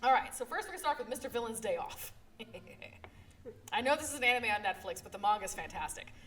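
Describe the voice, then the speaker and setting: A high-pitched woman librarian narrates stories with lively, emphatic drive, checking in with her listeners every few sentences. She is heard from some distance off the mic in a live convention room, with faint noise underneath. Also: fairly quick. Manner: animated, emphatic storytelling, repeated "okay?" check-ins. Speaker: librarian presenting a manga panel. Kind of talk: live convention panel talk. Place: convention panel room, live before an audience.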